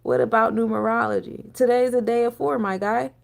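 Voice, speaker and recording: A woman's voice: a little high, fairly even intonation, fairly quick, gravelly. Chatty, profane woman on a livestream. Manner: rambling, profane, laughing asides, answers chat. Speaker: energy coach and spiritual reader. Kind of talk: casual livestream chat.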